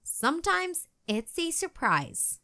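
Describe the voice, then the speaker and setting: A woman's voice: very high voice, huge pitch swings, slow, bright, forceful tone, voice pushed up, exaggerated voice. A woman reading as a cheerful schoolteacher. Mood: instructive. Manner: clear instructive teacher tone.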